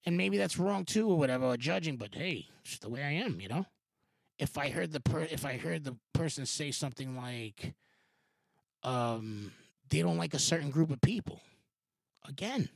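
A man hosts a podcast in a rambling, loose way, full of restarts, fillers and swearing. His voice is gravelly, and his pitch swings widely. The sound is dry and close. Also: animated, moderate pace, no room sound. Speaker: podcast host. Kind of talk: casual rambling commentary.

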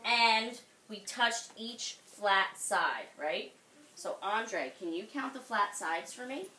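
A woman's voice: medium pitch, expressive, slow, pushed and bright, far from the mic, slight background noise. Encouraging woman teaching second grade. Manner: patient, encouraging, praises and quizzes children by name. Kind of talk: classroom teaching. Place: classroom. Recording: echoey classroom, voice off-mic.

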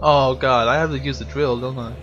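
A man's voice: mid-range voice, fairly even intonation, fairly quick, a bit bright, dull audio. A young man giving casual gameplay commentary as a let's player, jumpy and swearing with frightened outbursts. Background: game music.

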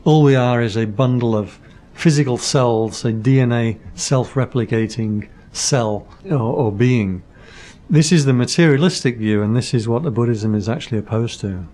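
Man, Buddhist monk guest, patient explainer, dry humor, mid-pitched voice. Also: normal speed, warm tone. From Britain. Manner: patient explainer who uses analogies and dry jokes. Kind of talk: casual podcast conversation.

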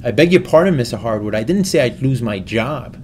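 A man voicing a kindly, fatherly old male stock trader who speaks slowly and earnestly. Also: mid-range voice, animated, a little hiss or hum, close to an everyday voice. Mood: patient, firm.

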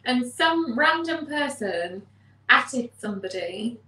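A woman's voice: a little high, expressive, slow pace, pushed and bright. A woman co-hosting a live stream, blunt and teasing in casual chat. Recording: echoey room, a little far from the mic.

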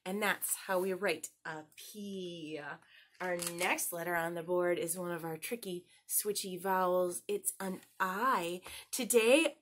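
A woman hosting a children's story time, teaching letter sounds and singing nursery songs in an animated, sing-song way, talking straight to the kids. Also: lowish voice, measured pace.

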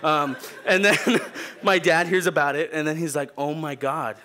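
A man's voice: a little high, normal speed. A young man preaching a sermon, telling a funny story and acting out the people in it. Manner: animated, jokey, acts out people in the story. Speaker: pastor.

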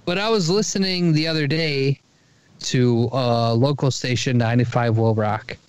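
An American man co-hosting a podcast, trading jokes and crude asides in loose, argumentative banter. His voice sits at an everyday pitch, and it is recorded close and dry with no room sound. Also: normal speed, clear, resonant tone, no room sound. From United States. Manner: profane, joking, playfully argumentative. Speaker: podcast co-host.

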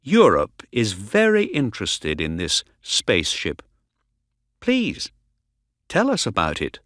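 A man reading an audiobook voices a calm, steady male traveler. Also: lowish voice, takes it slowly, dry recording, clean studio sound, exaggerated voice.

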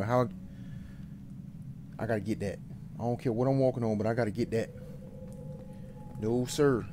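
A man streaming a horror game, jittery, talking back to it and insisting he is not scared, swinging between loud outbursts and low muttering. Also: unhurried, pauses often, background noise. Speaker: gaming streamer.

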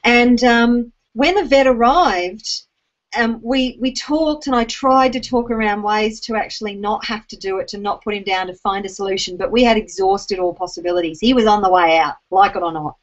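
A woman's voice: mid-range voice, moderate pace, muffled recording. An Australian woman telling a personal story to an online audience, emotional and teary, with frequent ums and restarts. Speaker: speaker addressing an online audience. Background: rain.

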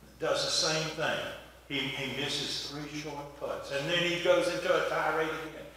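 A man preaching from the pulpit in a loose, folksy storytelling manner. His voice sits a bit high and sounds bright. He is picked up from a distance in a big church, so long echoes trail behind every phrase. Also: steady tone, unhurried. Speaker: pastor. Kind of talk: sermon. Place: church sanctuary. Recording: echoey hall from far off.

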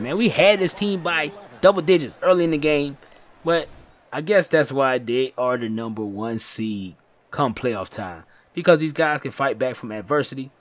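A man giving casual, slangy play-by-play commentary over a basketball video game, excitable and heckling his own players. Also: medium pitch. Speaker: gaming channel host.

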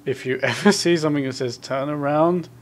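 A man giving horror game commentary, muttering asides to himself and reading in-game notes aloud in quick bursts. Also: on the high side. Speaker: gameplay commentator.

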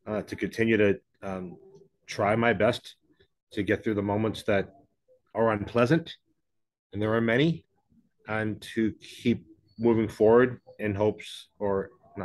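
Frank rambling man on a video call. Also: on the low side. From English-speaking, living in Mexico. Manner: frank, rambling, self-deprecating. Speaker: interview guest, author. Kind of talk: candid conversational interview.

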